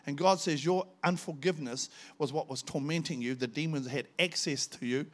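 A man's voice: on the high side, normal speed. A man preaching a testimony sermon, telling his story fervently and rising to emphatic peaks.

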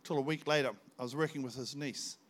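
A man preaching a sermon, telling stories in an animated, dramatic way and laughing often. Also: mid-range voice, fast. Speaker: pastor. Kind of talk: storytelling sermon.

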